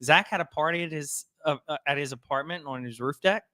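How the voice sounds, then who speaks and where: A man's voice: a little high, brisk, pushed and bright, no echo, clean studio sound. A man in his late thirties with a Southern accent, co-hosting a casual live-stream chat with sassy, laughing banter. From Louisiana. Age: 30s. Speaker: guest co-host.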